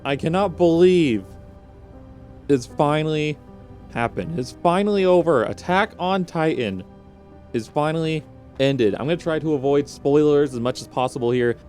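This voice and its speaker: Young man, slightly high voice, rambling emotional vlog talk, restarts, faint music behind. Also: moderate pace, darkish tone. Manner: rambling, emotional, with frequent restarts and rising exclamations. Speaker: vlogger. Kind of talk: unscripted emotional reaction vlog.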